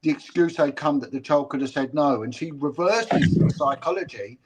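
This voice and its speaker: A man, a former policeman, talking in a casual interview, halting and restarting often as he tells a story. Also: a little high, a little hiss or hum. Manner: halting, with many restarts and repeated words.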